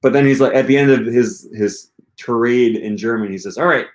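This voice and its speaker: A man's voice: mid-range voice, normal speed, a little mellow. A man hosting a language-learning livestream, answering viewer questions in a casual, rambling way with lots of hesitant filler words. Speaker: language-learning channel host.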